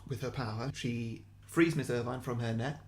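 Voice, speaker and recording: A young man at a middling pitch narrating a comic sequel pitch. He laughs at himself often and admits he can't do voices. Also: steady tone, normal speed, darkish tone. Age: young adult. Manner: self-deprecating, giggly. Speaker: podcast co-host.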